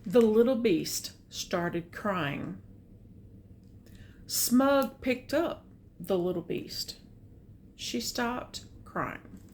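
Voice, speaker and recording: An older woman reading a picture book aloud, adding gentle, chatty comments about the pictures. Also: medium pitch, expressive, extremely slow, pauses often, a little hiss or hum. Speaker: storyteller.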